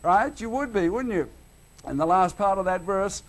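An Australian man delivers a sermon in a fairly high voice. He speaks animatedly, drops low and quiet, then bursts out loud and emphatic. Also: normal speed. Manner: animated, swings between loud and hushed. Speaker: preacher.

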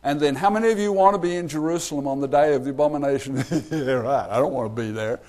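A man with a slightly raised voice leads a relaxed Bible study. He talks in a loose, chatty way, laughs often, and acts out the lines he quotes. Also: on the high side, quick pace. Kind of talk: casual Bible study teaching.

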